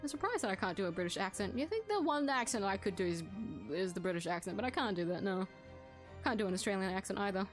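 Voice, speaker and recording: A woman's voice: mid-range voice, lively intonation, fast talker. A woman playing through a story game, reading its dialogue aloud and breaking off to comment casually, with swearing and laughter. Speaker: gaming streamer. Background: soft background music.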